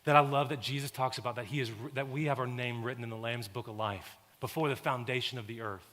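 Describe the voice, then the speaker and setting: A male pastor preaching a sermon, moving from calm, measured teaching to loud, intense exhortation. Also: mid-range voice. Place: church sanctuary. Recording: long hall reverb.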